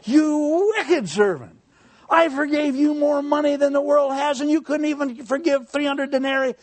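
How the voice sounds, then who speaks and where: A man's voice: sits high, huge pitch swings, moderate pace, a little mellow, pitched above the performer's own voice, heavily acted. A man voicing a genial king who questions a servant in a folksy, teasing way. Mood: stern.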